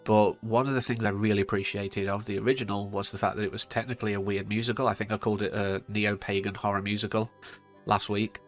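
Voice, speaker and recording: Male film reviewer, lowish voice, chatty and digressive, faint music underneath. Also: level tone, fast. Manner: chatty, digressive, frequent fillers. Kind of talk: casual spoken film review. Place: home studio in front of a green screen.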